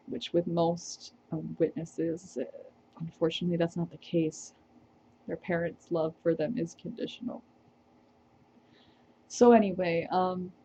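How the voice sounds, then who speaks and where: A woman's voice: lowish voice, mellow, dull audio, a little hiss or hum. A woman vlogger telling a personal story to the camera, reflective and hesitant, with small laughs.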